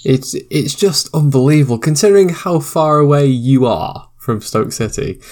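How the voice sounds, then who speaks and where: A man's voice: mid-range voice, lively intonation, normal speed, darkish tone. A man hosting a podcast interview, reflecting aloud in a casual, thoughtful way. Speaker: podcast host.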